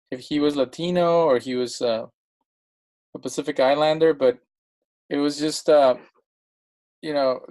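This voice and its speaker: A man's voice: mid-range voice, darkish tone. A man speaking as a guest in a casual discussion, telling stories in an impassioned, emphatic way.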